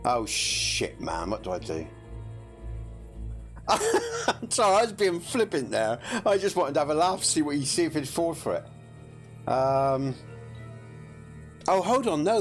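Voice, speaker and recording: A man's voice: a little high, big pitch swings, normal speed, long pauses, faint music behind. A man giving casual gameplay commentary, chatty, laughing often and self-deprecating. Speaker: gameplay streamer.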